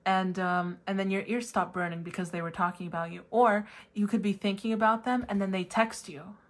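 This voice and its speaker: A woman giving a casual pick-a-card tarot reading to her viewers, chatty and full of fillers, now and then breaking into high excited squeals. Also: brisk. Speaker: tarot reader.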